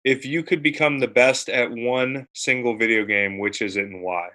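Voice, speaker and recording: A man's voice: mid-range voice, fairly even intonation, normal speed, sharp tone. An adult man co-hosting a podcast in casual chat, wry and rambling, with some swearing. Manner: wry, rambling banter with profanity. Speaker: podcast co-host.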